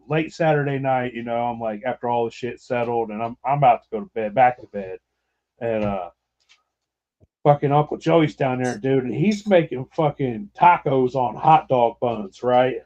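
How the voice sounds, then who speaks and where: A man's voice: mid-range voice, darkish tone, highs cut off. A man hosting a podcast, telling a rambling, profane story with laughter in casual chat. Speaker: podcast host.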